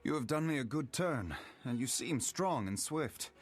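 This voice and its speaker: Over faint game music, a man plays an earnest young elf hunter from a fantasy video game, hurt but determined. He speaks formally and solemnly at an ordinary middle pitch. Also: expressive, normal speed, close to an everyday voice. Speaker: game character.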